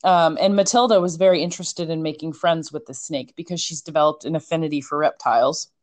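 A woman telling a story in a casual chat, animated and chatty, with many fillers. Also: sits low, fast.

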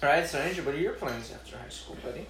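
A man's voice: on the high side, lively intonation, racing, fairly bright tone, echoey room, a little hiss or hum. A young man chatting with friends in a teasing, playful way. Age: young adult. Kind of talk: casual chat.

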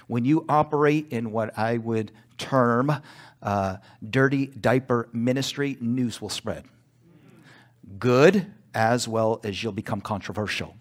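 A male pastor preaching a sermon in church, emphatic, pausing for call-and-response asides. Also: mid-range voice.

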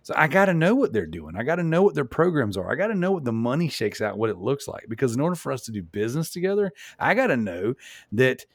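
A man talking on a casual podcast, pressing his argument and repeating himself as he goes. His voice sits at a middle pitch. The sound is dry and close. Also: very animated, quick pace, dry recording. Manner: rambling, emphatic, repeats "you know what I'm saying". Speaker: podcast host.

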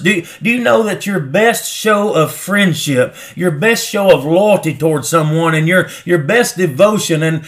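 Male pastor preaching, pretty high voice, earnest, keeps repeating himself and calling on the church. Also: fairly bright tone. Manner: earnest, repeats words often, speaks directly to the congregation. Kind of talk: sermon.

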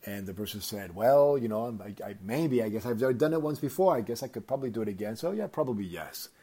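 Podcast guy with a husky dark voice, chatty story about haggling. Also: medium pitch, fast talker. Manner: animated anecdote with acted-out quotes. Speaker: podcast host. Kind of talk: casual storytelling.

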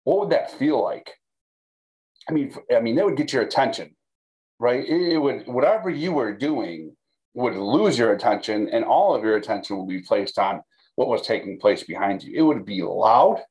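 A man's voice: mid-range voice, expressive, normal speed, a little mellow, poor audio. A man teaching a Bible study for a video, talking in a conversational way with frequent restarts and check-ins with his listeners. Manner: conversational, repeats words, fillers, checks in with "okay?". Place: recorded for video.

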